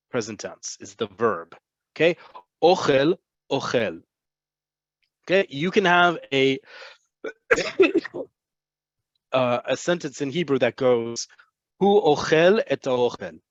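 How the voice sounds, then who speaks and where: A man teaching vocabulary in a webinar, explaining patiently and repeating words slowly for learners. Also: medium pitch, no room sound, highs cut off. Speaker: Hebrew teacher. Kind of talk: online language lesson. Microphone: computer mic on a video call.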